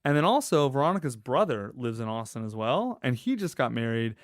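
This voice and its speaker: Lively, animated man telling stories. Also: medium pitch, a little fast, no room sound, studio quality. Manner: animated, emphatic, casual swearing, acts out quoted friends. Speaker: podcast guest. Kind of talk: casual conversational storytelling.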